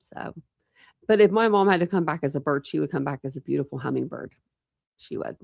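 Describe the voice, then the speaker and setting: Gravelly-voiced woman chatting on a livestream. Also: low-pitched, fairly quick, a little mellow, dry recording, studio quality. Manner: rambling, talks straight to live chat. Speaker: true crime channel host. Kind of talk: casual livestream chat.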